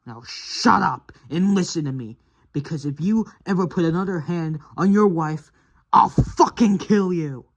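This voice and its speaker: A woman voicing a stern man who confronts an abuser with steady threats in a fan-made stop-motion toy drama. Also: low-pitched, moderate pace. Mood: threatening.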